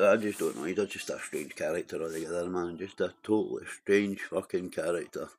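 A Scottish man in casual live-stream chat, blunt and rambling, swearing freely as he calls people out. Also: sits low.

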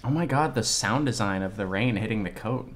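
A man giving excitable, slangy live reaction commentary on an anime episode, exclaiming and swearing often. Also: lowish voice, a little fast, a little hiss or hum.

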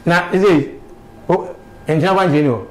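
A man's voice: a little high, a little slow, a little hiss or hum, rough recording. A man talking animatedly in a casual street interview, with emphatic bursts and sudden exclamations.

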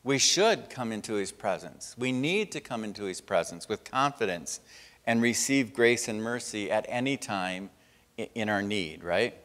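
A man's voice: lowish voice, lively intonation, normal speed, fairly bright tone. A man preaching a sermon as pastor, in a conversational way that often checks in with "right?". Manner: conversational preaching with frequent tag questions. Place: church sanctuary. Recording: long church hall reverb.

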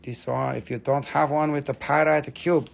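Excitable, higher-pitched man selling crystals. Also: normal speed, vocal fry. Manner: excitable, swearing, playful, non-native phrasing. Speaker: live sale host. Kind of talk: live-stream crystal sale.

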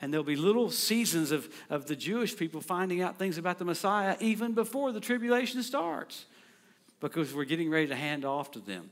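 Male preacher, middle-aged, lively storytelling sermon, slightly higher voice, loud acted-out quotes. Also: brisk. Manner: storytelling, animated, acts out quotes loudly. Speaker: traveling preacher.

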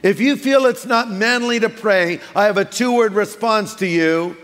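A middle-aged man preaching a sermon as a pastor, telling lively stories and briefly acting out voices for effect. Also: high-pitched. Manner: animated storytelling, acting out quick voices for effect. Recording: long reverb of a large hall.

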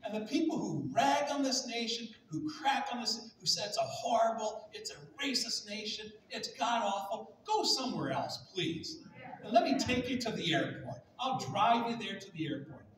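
A male pastor preaching a sermon with passion, swinging from near shouts to soft, hushed tones. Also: high voice, moderate pace. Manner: impassioned, rising to near shouts, then dropping soft and hushed. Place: large church sanctuary. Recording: echoey room audio from a distant mic.

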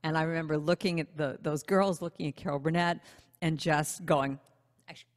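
A woman singer-songwriter telling a self-deprecating story in a casual online interview, in an animated way. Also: sits low, normal speed, big-room sound.

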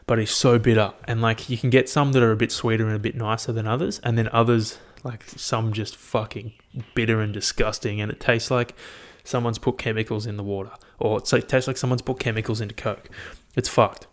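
A man's voice: fairly low pitch, little pitch movement, a little fast, few pauses. A man hosting a casual solo podcast, rambling and swearing freely. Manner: rambling, heavy swearing, amused. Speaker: podcast host. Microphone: headphones and podcast mic.

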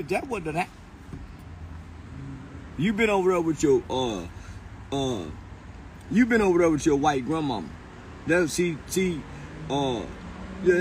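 High-voiced man in a taunting rant. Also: a little mellow, a little hiss or hum. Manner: crude, taunting, laughs often; repeats words in bursts. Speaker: commentator. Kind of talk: profane mocking rant.

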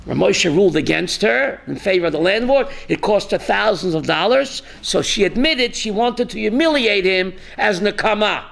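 A man, a rabbi, teaching a class with animated storytelling and calling on students by name. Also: sits high, normal speed, creaky, hardly any pauses, a little hiss or hum.

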